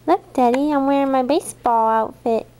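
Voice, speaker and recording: A woman's voice: high voice, moderate pace, dark tone, natural voice. A woman speaking as her baby boy talking to his dad, in her own sweet baby-talk voice. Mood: playful.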